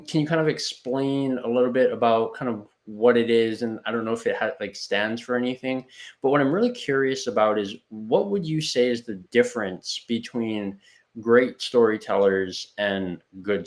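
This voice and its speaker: A man hosting an interview show, speaking in an affirming, meandering way with many restarts. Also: medium pitch. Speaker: show host. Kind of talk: interview conversation.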